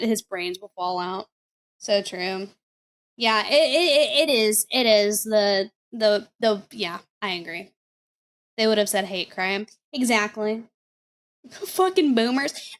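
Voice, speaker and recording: A woman's voice: medium pitch, takes it slowly, pauses often. A woman streaming live, chatting casually and bluntly with lots of swearing and repeated phrases. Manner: blunt and profane, repeats herself. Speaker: streamer reacting to clips.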